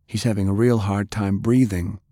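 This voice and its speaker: A man's voice: on the low side, steady tone, normal speed, dark tone, no room sound, clean studio sound, close to an everyday voice. An actor playing an earnest, worried young man in an audiobook.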